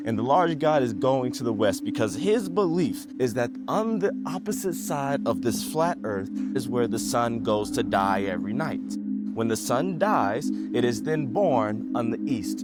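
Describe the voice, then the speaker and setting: A man hosting a solo podcast, retelling a story and musing earnestly in a reflective tone. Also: mid-range voice. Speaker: podcast host.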